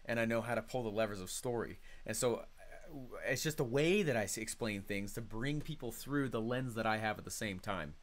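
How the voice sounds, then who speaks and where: A man's voice: lowish voice, fairly quick. A man leading a live online coaching call, talking energetically and conversationally and reacting to chat comments.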